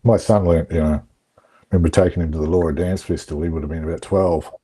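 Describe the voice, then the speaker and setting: Deep, dark-voiced middle-aged man. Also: quick pace, breathy edge. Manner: relaxed, reflective yarn-telling with fillers. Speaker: guest. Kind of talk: casual storytelling on an online call. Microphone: video call.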